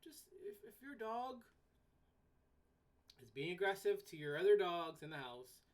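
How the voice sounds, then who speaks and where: A woman with a lowish, darkish voice hosts a solo podcast, speaking unhurriedly with wide swings in pitch. She rants bluntly and swears casually, and when she gets worked up she repeats words and restarts her sentences.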